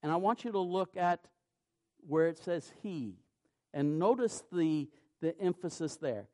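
A man preaching a sermon, reading scripture in a measured cadence and rising to loud, emphatic peaks. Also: a little high, expressive.

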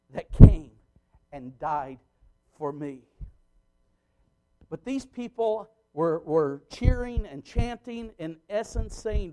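A man pastor preaching an impassioned sermon that swings between loud outbursts and quiet asides. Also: high voice.

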